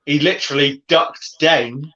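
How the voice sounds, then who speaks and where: A man's voice: fairly high pitch, a little slow, bright, forceful tone, highs cut off. A man bantering as co-host, blunt and telling stories with casual swearing.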